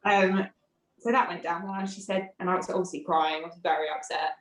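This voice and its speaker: A woman's voice: fairly low pitch, fairly quick. A woman, a podcast guest telling a personal story frankly and animatedly. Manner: animated, frank, acts out quoted dialogue. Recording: roomy echo.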